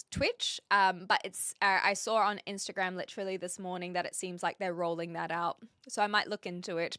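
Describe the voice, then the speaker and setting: A woman from New Zealand with a New Zealand accent, live-streaming and chatting casually with her viewers, thinking aloud with lots of fillers and getting animated as she talks. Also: mid-range voice, clear, resonant tone, no echo, clean studio sound. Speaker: livestreamer.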